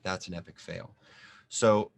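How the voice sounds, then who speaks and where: A man's voice: low-pitched, steady tone, measured pace, creaky. A man walks through an online application in a screen-share tutorial. He jokes and thinks aloud as he types. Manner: chatty and joking, thinking aloud while typing. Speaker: small business advisor demonstrating an application.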